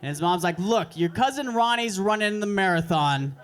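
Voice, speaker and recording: High-voiced young man doing crude deadpan stand-up. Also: moderate pace. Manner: deadpan, crude, self-mocking delivery. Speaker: stand-up comedian. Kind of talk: stand-up set at an open mic. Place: comedy club stage.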